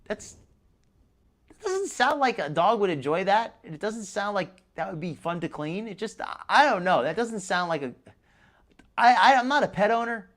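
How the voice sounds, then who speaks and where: A man's voice: sits high, a bit bright. Rambling male live-stream host. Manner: rambling, restarts a lot, chuckles. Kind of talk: casual live-stream commentary.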